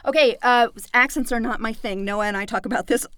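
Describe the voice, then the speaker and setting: Female narrator, clear smooth voice, self-deprecating casual chat, dry sound. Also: a little high, a little fast, fairly bright tone, no echo. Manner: candid, self-deprecating, laughs easily. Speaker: audiobook narrator.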